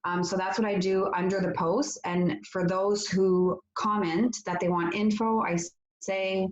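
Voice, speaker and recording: A woman's voice: medium pitch, little pitch movement, measured pace. A French-speaking woman, a guest on a live-stream interview, who talks casually and upbeat with many fillers. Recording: roomy, dull lo-fi audio.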